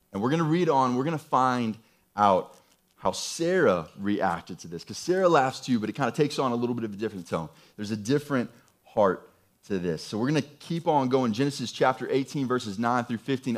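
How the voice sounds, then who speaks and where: Emphatic, lively male preacher. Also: medium pitch. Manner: conversational, emphatic, repeats phrases. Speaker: pastor. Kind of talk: sermon.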